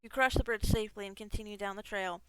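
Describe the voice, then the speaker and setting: A woman's voice: mid-range voice, fairly even intonation, quick pace, fairly bright tone, clear, resonant tone, no echo, low-quality recording. A woman gaming streamer reading a text game aloud, breaking off into casual asides, swearing freely and laughing at herself.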